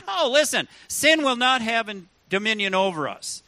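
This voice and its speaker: A man's voice: extremely high pitch, expressive, moderate pace, few pauses, bright, forceful tone, no echo. A man preaching a sermon as pastor, emphatic and full of rhetorical questions to the congregation.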